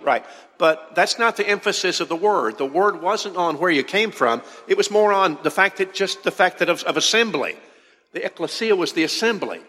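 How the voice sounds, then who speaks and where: A man's voice: on the high side, sharp tone, big-room sound. A man preaching a teaching sermon, explaining in a conversational way and putting questions to his congregation. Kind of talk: sermon lecture.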